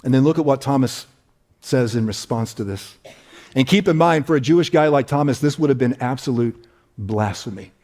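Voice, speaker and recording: A man preaching a casual, conversational sermon as pastor, repeating phrases for emphasis and dropping to a hush on key lines. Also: medium pitch, moderate pace. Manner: relaxed, repeats himself for emphasis, asks "right?".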